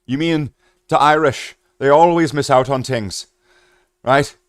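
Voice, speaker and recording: A man's voice: on the high side, a little slow, clear, resonant tone, no echo, clean studio sound. A man from Canada chatting casually on a live stream, joking, rambling and swearing.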